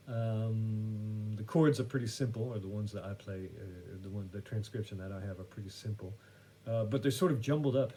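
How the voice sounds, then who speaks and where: A man's voice: on the low side, dark tone. A man hosting a podcast who tells a story in a wry, rambling, self-correcting way. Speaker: podcast host. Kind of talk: casual storytelling monologue.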